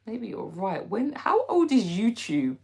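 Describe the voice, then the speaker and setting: A woman's voice: mid-range voice, big pitch swings, measured pace, gravelly, warm tone. A young British woman hosting a live stream, chatting casually and giggling as she answers viewers by name. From Britain. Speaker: livestream host reading chat.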